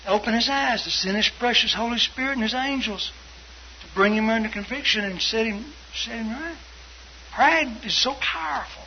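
An older man preaching a testimony, fervent and storytelling, swinging between loud and hushed. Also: extremely high pitch, moderate pace. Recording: dull lo-fi broadcast with faint hiss.

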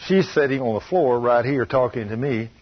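A man preaching a sermon, telling personal stories in a stern, emphatic way, often dropping to a low, soft tone. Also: lively intonation, moderate pace, slightly rough, muffled recording. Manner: stern, emphatic storytelling, shifting loud and soft.

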